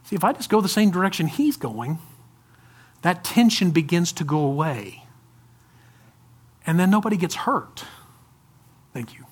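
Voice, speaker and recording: A man preaching a sermon to a congregation, swinging from loud urging to soft, pleading asides. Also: high-pitched, sing-song, unhurried, long pauses, breathy edge. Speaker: pastor.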